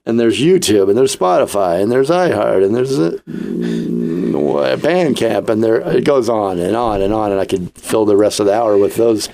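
A man hosting a radio show in a studio, bantering casually and rambling with jokes into a boom mic. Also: very animated, normal speed, gravelly, hardly any pauses, warm tone. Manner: joking, rambling. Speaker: radio host. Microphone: studio boom mic on counter.

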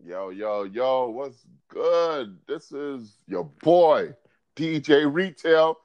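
A man hosting a casual podcast, animated and quick to laugh, his voice jumping high when he gets excited. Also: no room sound, muffled recording. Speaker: podcast host.

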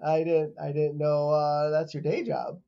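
A man's voice: on the high side, measured pace, creaky, lo-fi sound. A man co-hosting a podcast, chatting casually and incredulously as he recaps an episode, with lots of "like" and "uh". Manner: animated, incredulous, many fillers. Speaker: podcast co-host.

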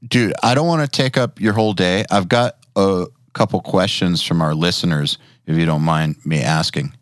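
A man hosting a podcast, relaxed and brief, reading out listener questions. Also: deep voice, moderate pace, no room sound, studio quality. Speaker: podcast host. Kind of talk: casual podcast interview.

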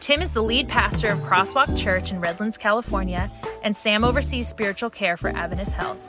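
A woman reading the closing credits of a podcast in an even, scripted announcing voice. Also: medium pitch, brisk. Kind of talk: scripted outro read. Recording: voice over music bed.

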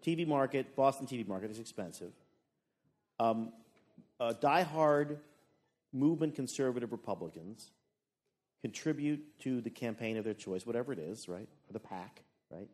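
A man co-hosting a live podcast on stage, tossing in quick jokes and then leading the next topic. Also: medium pitch, animated, a little mellow. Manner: quick wisecracking interjections. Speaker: podcast co-host. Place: hotel event room with a live audience.

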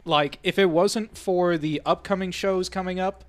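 A man who works as an intern on a talk radio show, excitable and enthusiastic in casual banter. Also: high-pitched, moderate pace. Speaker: intern and co-host.

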